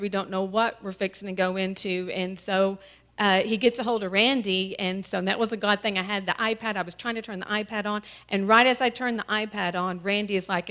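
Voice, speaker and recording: A woman telling her family's story as a church testimony, tearful and halting, with many pauses and fillers. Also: medium pitch, fairly bright tone. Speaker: mother sharing a testimony. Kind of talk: emotional personal testimony. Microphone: handheld microphone.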